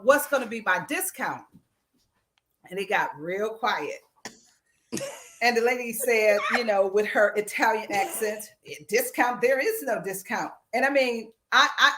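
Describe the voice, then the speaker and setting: A woman co-hosting a radio talk show, telling an animated story and acting out the quotes. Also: medium pitch. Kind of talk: casual chat. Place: radio studio.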